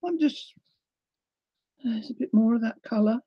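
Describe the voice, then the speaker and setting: A woman's voice: on the high side, unhurried, husky, no room sound, highs cut off. A woman hosting a casual live crafting unboxing, gushing and tearful as she talks to viewers. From New Zealand. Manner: gushing, emotional, exclaiming. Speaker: crafting livestream host.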